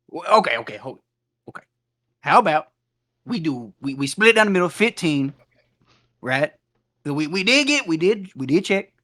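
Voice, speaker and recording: A man's voice: a little high, fairly bright tone, no echo. A man playing a tabletop game, joking and crude, repeating himself often. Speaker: player. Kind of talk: casual tabletop play.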